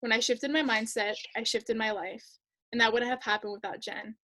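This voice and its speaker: Teen girl reading a tribute on a video call, kinda high voice, earnest, soft endings. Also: fairly even intonation, normal speed. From United States. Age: teens.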